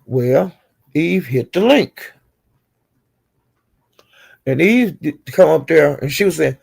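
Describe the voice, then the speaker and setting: A woman's voice: deep voice, expressive, slow pace, creaky, long pauses, a little mellow, slightly rough. A woman streamer casually retelling online drama, chatty and acting out the quotes with chuckles. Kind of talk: casual gossip storytelling.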